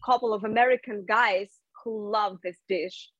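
A young woman from Russia, speaking English as an in a casual interview, halting with many fillers and restarts. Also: mid-range voice, steady tone, fairly bright tone, no echo, muffled recording. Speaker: guest.

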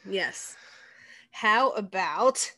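A woman's voice: medium pitch, expressive, extremely slow, pushed and bright. A middle-aged woman co-hosting a podcast, chatting playfully with her brother, laughing often and trying silly voices. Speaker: podcast co-host. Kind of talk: casual chat between siblings.

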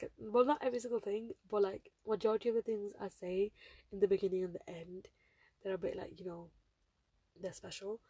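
A woman's voice: mid-range voice, vocal fry, a little mellow, husky, dry recording. A seventeen-year-old girl hosting her own podcast, chatting casually and rambling with lots of fillers. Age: teens. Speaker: podcast host. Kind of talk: casual solo podcast chat.

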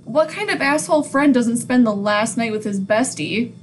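A woman co-hosting a podcast, excitable and profane as she riffs on a film. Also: a little high, normal speed. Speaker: podcast co-host. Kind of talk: casual movie chat.

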